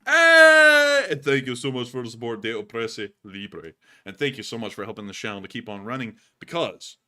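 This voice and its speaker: A man hosting a livestream, explaining tactics and thanking donors in a relaxed, chatty way. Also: mid-range voice, fast. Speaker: livestream host. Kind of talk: casual stream commentary.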